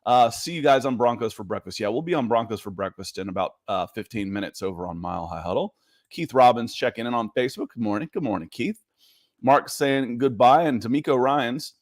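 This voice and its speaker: A man's voice: mid-range voice, expressive, a little fast, no echo, studio quality. A man co-hosting a live sports podcast, telling stories with animation and reading viewer comments aloud. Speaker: podcast co-host. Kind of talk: casual live-stream sports chat.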